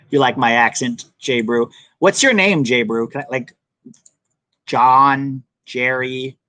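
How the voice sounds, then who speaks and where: A man's voice: medium pitch, lively intonation, slow pace, long pauses, pushed and bright, dry recording. A young American man hosting a soccer channel live stream, chatting casually and answering viewer comments. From United States.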